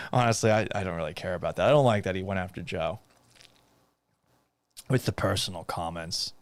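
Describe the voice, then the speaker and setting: A man's voice: sits low, moderate pace. A man hosting a live sports talk stream, talking casually and reading out viewer comments, exasperated and swearing, and mocking himself. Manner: reads viewer comments aloud.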